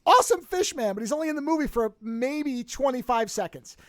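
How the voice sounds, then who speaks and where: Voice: high voice, brisk, dry recording, studio quality. A podcast host casually retelling a movie plot and acting out the characters' lines in different voices. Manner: animated, acts out quotes with shifting voices.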